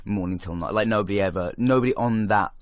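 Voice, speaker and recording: English man, young adult, animated casual talk, lots of "like", low pitch, dry close sound. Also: no echo. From England. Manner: animated, quick with many fillers and restarts. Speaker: actor guest. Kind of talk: casual podcast conversation.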